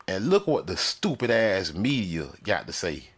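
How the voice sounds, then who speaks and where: A man delivering a loud, profane, mocking comedic rant on a desk mic with a soundboard. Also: low-pitched, wildly swooping pitch, measured pace, breathy edge. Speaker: comedic commentator.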